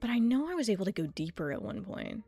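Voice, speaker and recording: A woman streamer chatting casually and rambling about practicing a deeper voice, self-deprecating and swearing freely. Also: wildly swooping pitch, fast talker, gravelly, mellow, slightly rough, faint music behind. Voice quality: slight lisp-like clicking from a tongue piercing. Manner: experimenting with pitching her voice deeper. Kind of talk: casual livestream chat.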